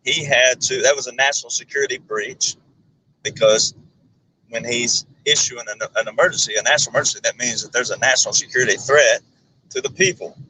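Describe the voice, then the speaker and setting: A man's voice: medium pitch, fairly quick, bright, forceful tone, poor audio. Brief: American male guest, earnest lecturing delivery, mid-range voice, slight background hiss. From United States. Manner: earnest, lecturing, piles up legal references. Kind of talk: earnest explanation.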